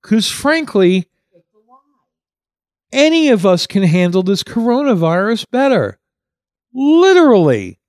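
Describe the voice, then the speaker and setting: High-voiced man, blunt and sarcastic. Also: huge pitch swings, takes it slowly, pauses often, a little mellow, no echo, studio quality. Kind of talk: casual ranting chat.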